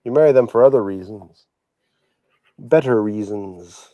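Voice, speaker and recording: A man's voice: fairly low pitch, a little slow, dry recording, lo-fi sound. A man chatting as a guest on a livestream, rambling and opinionated, with many fillers. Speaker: regular guest. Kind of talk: casual livestream chat.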